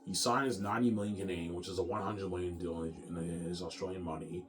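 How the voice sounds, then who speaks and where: A man's voice: low-pitched, fairly even intonation, fast, noisy background. A man in an off-the-cuff monologue, boastful and repetitive, often adding "man".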